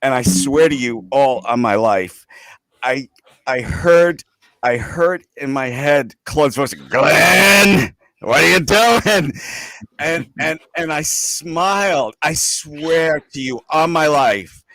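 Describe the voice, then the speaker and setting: A man from the United States telling an emotional personal story on a tribute stream, earnest and halting. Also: mid-range voice, dry recording.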